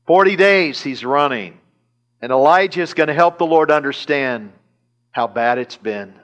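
Preacher guy with a kinda high voice, lively storytelling sermon, chuckles here and there. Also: normal speed. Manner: animated retelling with chuckles and repetition. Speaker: pastor. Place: church service.

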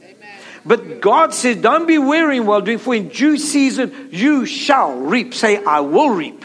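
A man with a high voice preaches with driving emphasis. He repeats key phrases and calls on his listeners to say them back to him. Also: big pitch swings, moderate pace, a bit bright. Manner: emphatic, repetitive preaching with call-and-response. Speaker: pastor. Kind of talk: sermon.

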